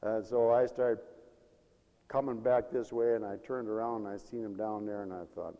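A man preaching a sermon with fervor, swinging from loud cries to hushed storytelling. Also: lowish voice, fairly even intonation, moderate pace, dull audio. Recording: reverberant hall.

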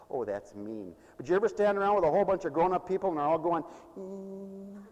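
A man delivers a lively sermon in a high, swooping voice that climbs and dips all the time. He is playful and laughs often, mimicking whiny voices for effect. His words ring out with a long reverb, as in a large church hall. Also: quick pace, dull audio, slight background noise. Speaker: preacher.

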